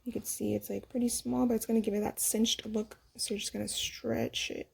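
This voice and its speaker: A young woman casually walking viewers through a sewing project at home, chatty and quick to laugh at herself. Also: on the high side, little pitch movement, gravelly, a little mellow, breathy edge. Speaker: sewing tutorial host. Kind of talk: casual step-by-step sewing demo.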